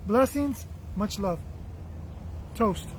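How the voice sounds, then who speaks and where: A man with a very high voice hosts a spiritual motivational livestream, reading viewer comments in an earnest, affectionate, expressive way, drawing out words and circling back on his phrases. He's losing his voice, which is wearing thin as he talks, and there's a faint noise underneath.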